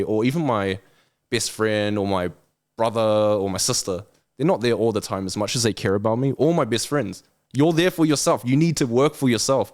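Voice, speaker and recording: A young man in his twenties with a somewhat low voice speaks as a podcast guest. He talks earnestly and with motivational drive, sometimes acting out lazy excuses in exaggerated voices. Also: fairly quick, darkish tone. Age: 20s. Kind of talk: casual interview chat.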